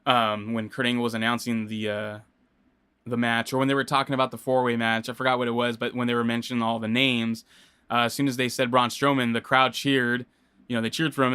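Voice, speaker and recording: A man's voice: medium pitch, pushed and bright, clear, resonant tone, dry recording. A man hosting a solo podcast, talking casually and rambling with many fillers and restarts. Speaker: podcast host. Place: home studio.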